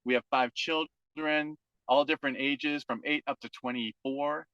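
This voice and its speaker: A man in his forties from New Hampshire gives an earnest testimony over a video call. His voice is bright and forceful, and he piles up repeated phrases. The audio is slightly dull and dry. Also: fairly high pitch, fairly even intonation, measured pace, dry recording. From New Hampshire, USA. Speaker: team member and guest speaker, teacher and father.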